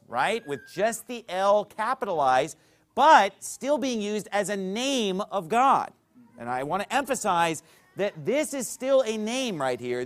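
In a high voice, a preacher teaches his congregation from a chart, dropping frequent "okay?" check-ins. His delivery alternates between forceful, loud lines and softer ones.

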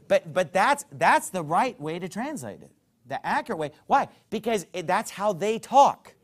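A man's voice: high-pitched, expressive, a little fast. A man preaching a sermon in an emphatic, conversational way, often checking in with his listeners.

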